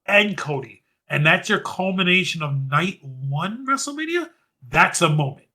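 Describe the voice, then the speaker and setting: A man hosting a podcast, recapping a match in casual chat. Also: high-pitched. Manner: animated, fast-running recap. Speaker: podcast host.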